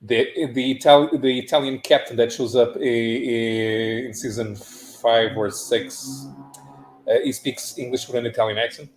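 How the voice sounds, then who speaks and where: A man's voice: mid-range voice, fairly even intonation, a little slow, roomy sound, a little hiss or hum. A man on a casual talk podcast, explaining things at length with frequent restarts. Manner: long explanations with many restarts. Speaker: podcast panelist. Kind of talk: casual chat.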